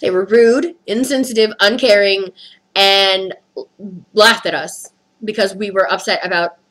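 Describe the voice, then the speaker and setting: A woman's voice: mid-range voice, fairly even intonation, unhurried, fairly bright tone, low-quality recording. A woman vlogger ranting through a storytime with heavy swearing, upset and rattled. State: upset, skin crawling. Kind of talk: storytime rant.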